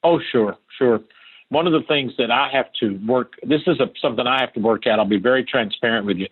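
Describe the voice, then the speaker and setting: Older man, husky phone-line voice. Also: medium pitch, quick pace. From Appalachia. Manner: earnest, emphatic, repeats key phrases. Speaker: guest. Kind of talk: interview answers, storytelling.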